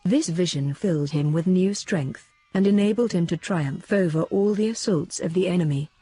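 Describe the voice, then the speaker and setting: A woman narrates an old devotional text in a steady, measured reading. Her voice sits low and mellow with a husky edge. The sound is dry and close. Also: dry recording. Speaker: audiobook reader. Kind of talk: scripted narration of a devotional book.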